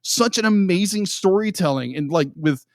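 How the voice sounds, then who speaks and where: A man's voice: sits high, animated, normal speed, dry recording. A young man co-hosting a podcast, gushing emotionally about a film in casual chat and repeating himself often. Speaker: podcast co-host.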